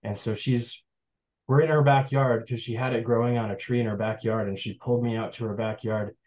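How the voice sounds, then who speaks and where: Over a rough video-call recording, this young Adirondacks, New York forager rambles through a chatty storytelling presentation. His mid-range voice is a little mellow and steady in tone, and he speaks fairly quickly.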